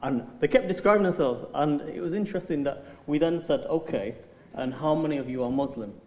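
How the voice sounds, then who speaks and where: A man's voice: a little high, brisk, a little mellow. A man interviewing an author at a festival, asking questions hesitantly with many "uh"s and "um"s. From England. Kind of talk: conversational interview. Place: festival hall. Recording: hall reverb.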